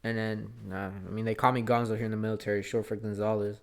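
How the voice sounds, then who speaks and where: A man's voice: fairly low pitch, flat delivery, quick pace, creaky, clear, resonant tone. A young man talking straight to camera in a casual monologue, rambling and earnest, dropping swear words as he goes. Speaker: vlogger.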